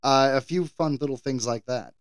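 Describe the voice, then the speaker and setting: A man's voice: medium pitch, moderate pace, no room sound. An American man co-hosting a podcast, chatting casually with wry, playful banter. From United States. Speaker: podcast co-host.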